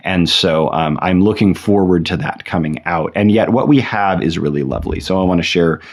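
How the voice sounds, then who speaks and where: A man giving a thoughtful talk on poetry, reading poems slowly aloud and pausing with fillers and restarts. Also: low-pitched. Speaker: poetry lecturer.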